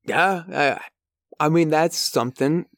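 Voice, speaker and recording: A man co-hosting a casual comedy podcast, laughing often and tossing in quick jokes. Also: a little high, fairly bright tone, dry recording, clean studio sound. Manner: laughs often, quick jokey asides and silly quoted voices. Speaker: podcast co-host.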